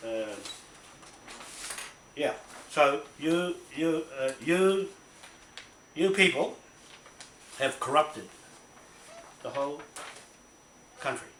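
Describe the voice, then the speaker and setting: A man delivers a furious, profane rant, circling back on his points and demanding "right?" again and again. His voice sits a little high and sounds sharp and forceful. The room echoes around him, with faint noise underneath. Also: extremely slow, long pauses. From New Zealand. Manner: angry, profane, repetitive, keeps asking "right?". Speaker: self-recorded complainant. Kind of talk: ranting self-made video.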